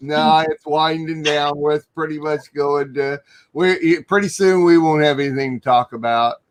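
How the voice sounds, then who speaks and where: A man's voice: a little high, fairly even intonation, moderate pace, smooth. A man hosting a casual talk show, joking in an easygoing way.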